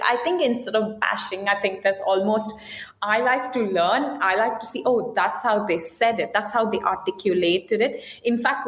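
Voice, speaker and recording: A woman guest on a podcast interview, talking directly and with energy, acting out what she and others say. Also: mid-range voice. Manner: direct, animated, quoting herself and others. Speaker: guest, technology executive. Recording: echoey room.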